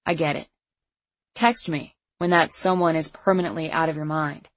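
A woman reading the lines of a calm, matter-of-fact teenage boy in an audiobook. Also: low voice, normal speed, muffled recording, lightly acted.

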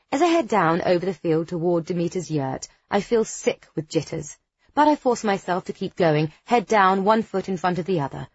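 Woman audiobook narrator, husky, dry and slightly dull recording, expressive first-person reading. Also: fairly low pitch, normal speed, no echo.

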